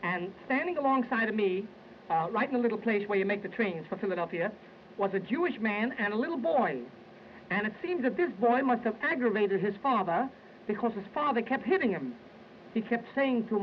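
Male comic with a high voice, brisk joke-telling, muffled old film sound. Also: expressive, slight background noise. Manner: brisk wisecracking storyteller. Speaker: stage entertainer. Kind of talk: comic patter between songs. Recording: dull lo-fi 1920s sound film with loud music.

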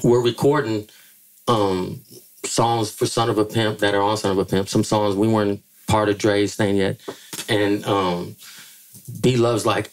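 A middle-aged man from the Bay Area telling stories as a podcast guest, profane and animated, acting out quotes in a higher voice. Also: measured pace. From Bay Area, California. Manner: animated, profane, acts out quotes with jumps in pitch. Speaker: podcast guest, music manager. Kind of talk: casual storytelling interview.

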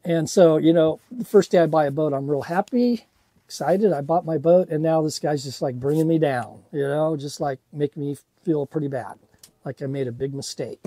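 Older man, rambling, mellow tone. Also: fairly high pitch, normal speed, no echo. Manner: rambling, self-deprecating, many fillers. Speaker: sailing vlogger. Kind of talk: casual storytelling.

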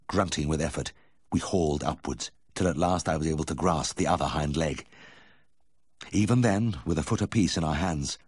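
A man narrating a first-person memoir audiobook in a measured, vivid way. His voice sits very low and sounds husky. The studio recording is close and dry. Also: no room sound.

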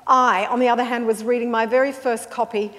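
Aussie woman telling a wry story, high voice, lots of hall reverb. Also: steady tone, brisk, a bit bright, a little hiss or hum. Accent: Australian. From Australia. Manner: wry, anecdotal, amused. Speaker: flautist narrator. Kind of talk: storytelling narration.

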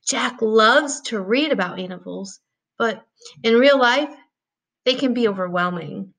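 A woman voicing a gentle, soft-spoken mother in a read-aloud storybook. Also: a little high, animated, unhurried, full character voice.

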